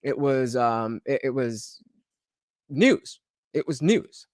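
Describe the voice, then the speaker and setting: A man commenting casually on a live stream, halting and filler-heavy, with sarcastic asides. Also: medium pitch, expressive, no echo, studio quality. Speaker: streamer reacting to a video.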